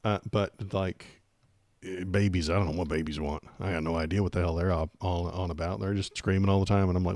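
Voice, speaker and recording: A man's voice: deep voice, fairly even intonation, a little fast, a little mellow, dry recording. A man hosting a political livestream, chatting casually and rambling with jokes and lots of fillers.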